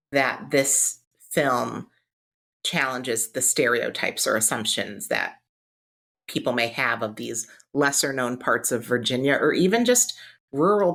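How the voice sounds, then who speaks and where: A woman's voice: extremely low pitch, a bit bright. A woman hosting a podcast interview, asking questions and affirming her guest with frequent "mm-hmm" and "right". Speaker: podcast host. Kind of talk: casual interview chat.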